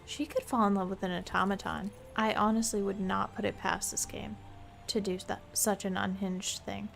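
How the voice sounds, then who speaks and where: A woman's voice: mid-range voice, steady tone, moderate pace, creaky, soft background music. A young adult woman chatting playfully and musing aloud while streaming a game live.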